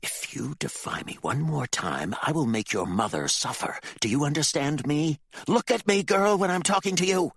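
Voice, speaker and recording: A man's voice: fairly low pitch, big pitch swings, normal speed, gravelly, hardly any pauses, slightly rough, no echo, clean studio sound, pitched above the performer's own voice, exaggerated voice. A man reading an audiobook voices a vicious, hypocritical middle-aged preacher father, his voice thick with rage, cold and menacing. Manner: cold and menacing, bursts into shouting. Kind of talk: audiobook character voice.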